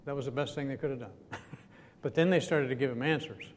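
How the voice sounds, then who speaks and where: Male preacher, mid-pitched, chatty teaching sermon, recorded in a reverberant hall. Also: fast talker. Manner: chatty, asks the audience questions, chuckles now and then. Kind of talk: conversational sermon. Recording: echoey hall with faint rumble.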